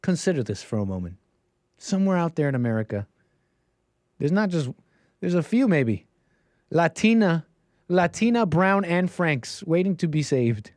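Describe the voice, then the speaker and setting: A male call-in show host with a fairly high voice who riffs loosely on the chat and his callers, laughing now and then. His voice is close and dry, with no room sound. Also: very animated, moderate pace, pauses often, darkish tone, dry recording. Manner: riffing and laughing between remarks. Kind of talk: casual livestream chat.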